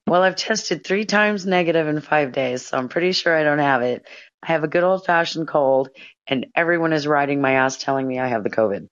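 A hoarse woman with a cold, chatting and sounding indignant as a podcast co-host. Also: deep voice, fairly quick, lo-fi sound. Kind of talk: casual chat.

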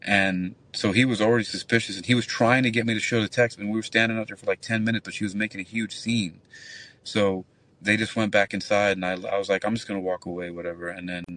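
Far from the microphone, a man who works as a nightclub bouncer speaks quickly in a lowish voice. He's on a casual call-in chat, spinning a long, animated, profanity-laced story that rambles on.

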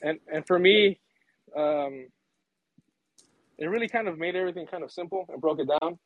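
A man's voice: fairly high pitch, normal speed, no room sound. A man calling in to a podcast, blunt and earnest, laughing between points. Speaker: caller. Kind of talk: casual call-in chat. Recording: dull, dry phone-in audio.

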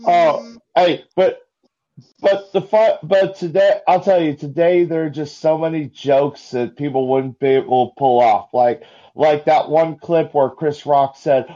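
A man calling in to a live talk show, telling jokes in a halting way with many restarts. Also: a little high, fairly even intonation, mellow. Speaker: caller. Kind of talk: casual call-in chat. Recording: dull lo-fi call-in line.

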